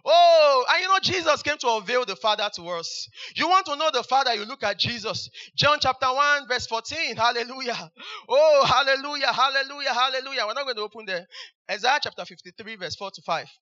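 A high, very bright male preacher, exclaiming hallelujah over and over between verses. His voice is sharp and piercing, and the recording is dull and lo-fi. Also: expressive, brisk. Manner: exclamatory, repeats hallelujah, fervent. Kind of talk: sermon.

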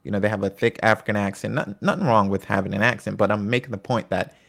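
Low gravelly man lecturing. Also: fast, fairly bright tone. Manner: reads notes then adds chatty asides. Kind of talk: casual educational talk.

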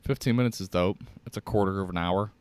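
A young man with a deep voice and a Chicago accent, hosting a solo podcast and rambling casually with lots of swearing. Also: fast, a little mellow, clean tone, no echo. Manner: profane, rambling, jokey. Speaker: podcast host.

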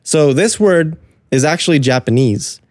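A young man with a slightly higher voice chats easily on a podcast, teasing his friend and laughing through his sentences. The sound is dry and close, with no room around it. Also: lively intonation, moderate pace, a little mellow, dry recording. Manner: chatty, laughs often, teasing. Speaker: podcast co-host. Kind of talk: casual podcast chat.

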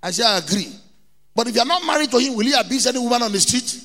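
A man's voice: very high-pitched, expressive, racing, sharp tone, long reverb tail. A middle-aged Nigerian man with a Nigerian accent, preaching a sermon as pastor, emphatic and repetitive, acting out people from his stories. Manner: emphatic preaching, repeats key words, mimics people in anecdotes.

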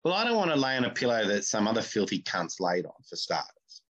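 A man's voice: lowish voice, very animated, fast, a bit bright. Blunt, opinionated man on a podcast. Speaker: podcast host. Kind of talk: casual chat.

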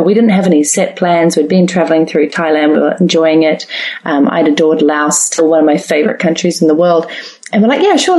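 A woman from New Zealand, a podcast guest telling a travel story, animated and laughing often. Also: lowish voice. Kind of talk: storytelling in an interview.

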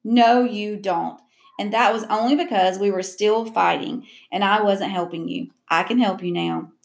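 A woman's voice: medium pitch, fairly even intonation, moderate pace, gravelly, close to an everyday voice. A woman reading as an eager young boy. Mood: encouraging.

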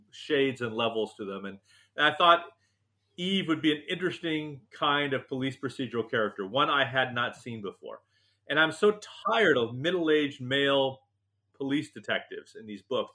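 A male author recounts anecdotes with animated, joking self-deprecation. His voice is bright and forward. He talks at an average pitch for a man. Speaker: novelist and TV writer, guest. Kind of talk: interview, anecdotal storytelling.

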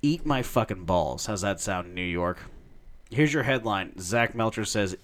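Man, podcast co-host, cursing rant, low-ish voice, big pitch swings. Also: a little slow. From United States. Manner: profane, ranting, animated. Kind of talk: casual podcast chat.

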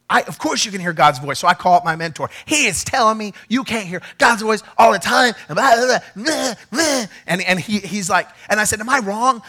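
A man, a pastor, preaching an animated sermon, acting out quoted conversations and rising to shouts. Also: sits high.

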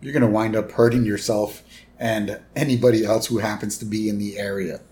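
A man's voice: fairly low pitch, little pitch movement, brisk, a little mellow, slight background noise. A man co-hosting a podcast, chatting casually and jokingly as he recaps a cartoon episode. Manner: jokey, quotes characters in playful voices. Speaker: podcast co-host.

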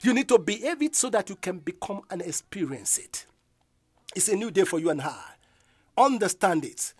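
A man preaching a fiery sermon, emphatic and repetitive, building to loud proclamations. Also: fairly high pitch, husky, dry recording. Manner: emphatic, repeats declarations, rises to loud proclamations.

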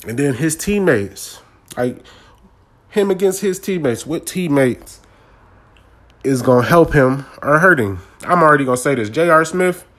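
A man's voice: a little high, lively intonation, a little slow, a bit bright. A man, ranting casually and animatedly about a sports game in slangy talk. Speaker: sports commentator.

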